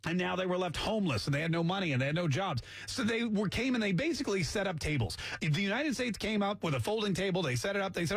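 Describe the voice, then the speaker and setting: A man's voice: high-pitched, animated, quick pace, hardly any pauses, no room sound. A man hosting a talk radio show, talking casually with sarcastic jokes and asides. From Canada. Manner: sarcastic, mocks accents with jokey asides. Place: radio studio.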